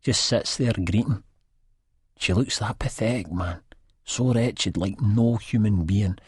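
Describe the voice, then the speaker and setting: A husky, low-voiced Scottish man narrates an audiobook in first person. He mumbles and hesitates, stumbling over words in a dry, close sound. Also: slow, no echo.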